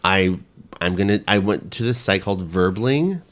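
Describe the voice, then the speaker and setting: A man's voice: low voice, expressive, moderate pace, fairly bright tone. A man from California co-hosting a podcast, chatting casually and laughing at himself. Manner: chatty, self-deprecating, laughs easily. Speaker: podcast co-host. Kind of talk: casual chat.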